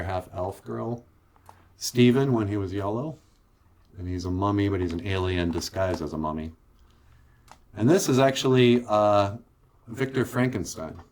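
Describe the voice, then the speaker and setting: A cartoonist with an Ojibwe reservation accent, giving a casual, rambling studio tour with jokes and lots of fillers. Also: male voice, fairly low pitch, a little mellow. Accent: Ojibwe reservation English. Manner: rambling, joking, with many fillers. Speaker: show creator and cartoonist.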